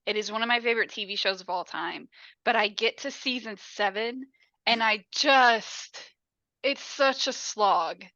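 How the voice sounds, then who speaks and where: A woman's voice: medium pitch, measured pace, sharp tone, no room sound, lo-fi sound. A woman from Appalachia, co-hosting a casual podcast chat, with emphatic and profane storytelling. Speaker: podcast co-host.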